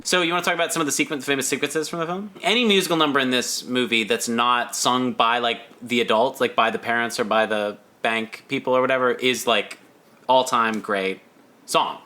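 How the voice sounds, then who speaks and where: A man's voice: medium pitch, brisk. A man co-hosting a podcast, chatting casually about a film, laughing often and restarting his sentences. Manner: lively, laughing, trails off and restarts. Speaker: podcast co-host.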